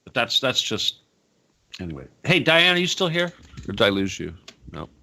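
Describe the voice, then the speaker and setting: A man hosting a talk radio show, chatting casually and rambling, with frequent laughs and animated asides. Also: mid-range voice, moderate pace, gravelly, noisy background.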